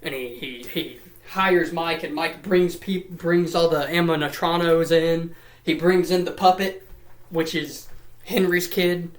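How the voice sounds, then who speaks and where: Guy speedrunning game lore for laughs, kinda high voice, swears a lot, echoey room. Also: fairly even intonation, unhurried. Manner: rambling, profane, repetitive, jokey put-on voices. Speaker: lore recap commentator. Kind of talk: rapid comedic lore summary.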